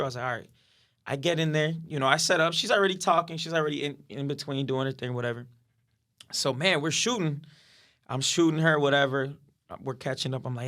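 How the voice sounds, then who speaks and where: A man's voice: on the high side, a little fast, bright, forceful tone. A man as a podcast guest telling a story in casual talk, acting out what others said and swearing freely.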